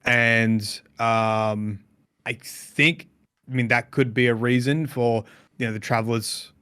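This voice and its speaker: A man's voice: mid-range voice, little pitch movement, takes it slowly, bright, forceful tone, clear, resonant tone, no room sound. Dry-sounding man musing on game lore. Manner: speculative, hedging with fillers. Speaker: podcast co-host. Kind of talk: casual chat.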